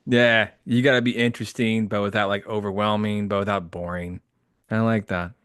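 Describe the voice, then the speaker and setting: A man hosting a casual podcast chat, excitable, laughing often and quoting lines. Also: fairly low pitch, normal speed, clear, resonant tone, no echo, clean studio sound. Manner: excitable, laughs often, quotes the film in character. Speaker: podcast host.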